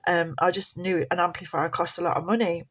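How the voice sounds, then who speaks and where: A woman's voice: lowish voice, flat delivery, fairly quick, fairly bright tone, husky. A middle-aged woman telling a family story in a casual, heartfelt way. She rambles and often repeats herself. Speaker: mother sharing a family story.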